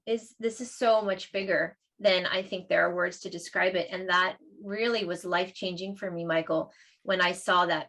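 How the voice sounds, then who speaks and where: A woman's voice: medium pitch, fairly bright tone. A woman guest talking casually and with emotion, telling a personal story at length. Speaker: guest, learning center founder. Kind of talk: casual chat.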